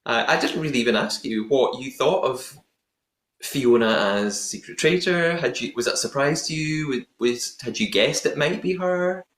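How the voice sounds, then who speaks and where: A male podcast host talking through a TV episode in an easygoing, chatty way. His voice sits at an ordinary pitch. The room around him rings with echo. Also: animated, moderate pace, a bit bright. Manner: chatty, laughs at own attempted accent. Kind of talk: casual recap chat. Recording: echoey room.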